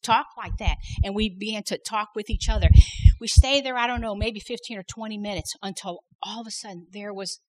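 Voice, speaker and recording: A woman's voice: mid-range voice, fairly quick, slight background noise, poor audio. A middle-aged woman sharing a faith testimony at a women's workshop, earnest and repeating words for emphasis. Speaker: women's conference workshop speaker.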